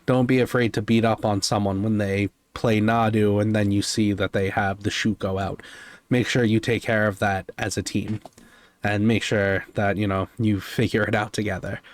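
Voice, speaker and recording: A man's voice: on the low side, no echo. A man co-hosting a podcast, talking in an easygoing, conversational way. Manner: easygoing and conversational, with "you know" fillers. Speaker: podcast co-host. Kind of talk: casual podcast chat about card games.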